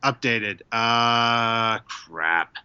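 Bright-voiced man gushing in casual chat. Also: mid-range voice, extremely slow, clean tone, no room sound, lo-fi sound. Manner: enthusiastic, gushing. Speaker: podcast co-host.

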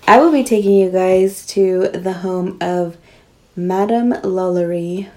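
A woman co-hosting a casual podcast, talking in a playful, joking way with quick laughs. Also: fairly low pitch, a little mellow. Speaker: podcast co-host.

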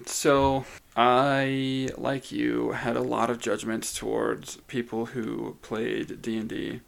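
A man's voice: mid-range voice, little pitch movement, slow pace, vocal fry. A man co-hosting a podcast in casual chat, telling stories in a chatty way with lots of "like". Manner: chatty storyteller, says "like" often. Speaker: podcast co-host.

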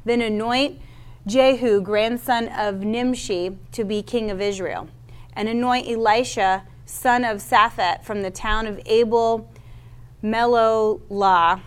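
A woman's voice: on the high side, fairly even intonation, takes it slowly, clear, resonant tone. A woman giving a sermon, reading a Bible passage aloud with casual asides and stumbles over names. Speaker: Bible teacher.

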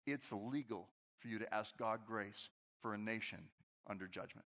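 A pastor preaching a conversational, animated sermon to his congregation in a large church. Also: on the low side, moderate pace. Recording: long hall reverb.

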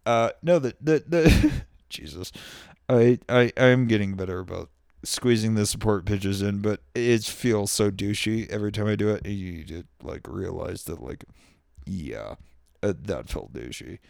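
Man, low gravelly voice, slow, profane, self-mocking, solo podcast host, dry sound. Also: darkish tone, no echo. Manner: profane, self-mocking, loose with extended metaphors. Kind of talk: solo rambling monologue. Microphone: studio microphone.

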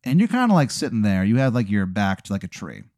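Brief: male podcast host, low voice with lively pitch, rambling profane storyteller, dry sound. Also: fast, no echo. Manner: profane, rambling, with many fillers. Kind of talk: storytelling a comic hypothetical.

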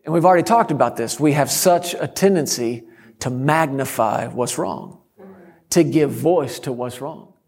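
A middle-aged man preaching a sermon, telling a story and breaking into sudden loud shouts. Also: mid-range voice, a little slow, creaky, breathy edge, long reverb tail. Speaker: guest preacher.

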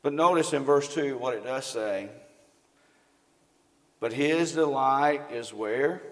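A man's voice: mid-range voice, slow, a bit bright. A man preaching a sermon in a folksy way, often asking his congregation questions. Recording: long hall reverb.

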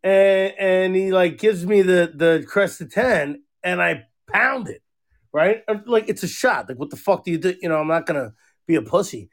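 A man's voice: sits high, expressive, moderate pace. A man co-hosting a podcast in casual chat, a rambling, profane storyteller. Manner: profane, rambling storyteller, acts out quoted voices. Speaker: podcast co-host.

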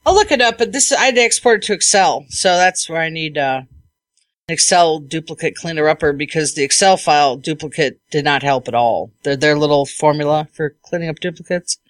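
A woman hosting a podcast as an IT technician, telling a work story in a lively, casual way and acting out what people said. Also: low-pitched, a little fast, no echo.

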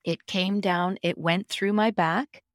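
A middle-aged woman telling a personal story as a podcast guest, emphatic and expressive, with sudden jumps in pitch. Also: slow, no echo, studio quality.

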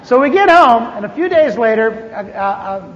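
In an echoey hall, a very high-voiced older man relates a funny personal testimony at a moderate pace. He's an animated storyteller who acts out the dialogue, and the audio is dull and lo-fi with faint hiss.

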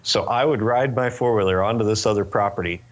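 A man in his twenties from Northern California, telling stories in a relaxed interview chat with lots of fillers and restarts. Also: on the low side, brisk, dull audio. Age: 20s. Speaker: interview guest, race car driver.

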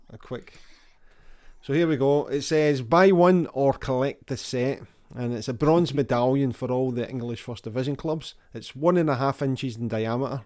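A man's voice: mid-range voice, mellow. A man hosting a chat, reading an old magazine advert aloud with dry, wry asides. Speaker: podcast host.

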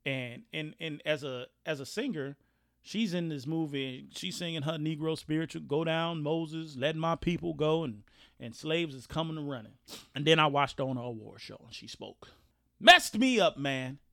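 A man hosting a podcast, talking in an animated, rambling way with many restarts. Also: on the high side, normal speed, vocal fry, no echo, studio quality. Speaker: podcast host. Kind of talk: casual podcast talk.

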